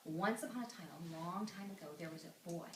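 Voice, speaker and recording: Woman storyteller, animated, reads to kids; distant, roomy, noisy recording. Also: on the low side, brisk. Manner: animated, acts out voices and sound effects. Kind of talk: storytelling to children. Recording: echoey room from far off, background noise.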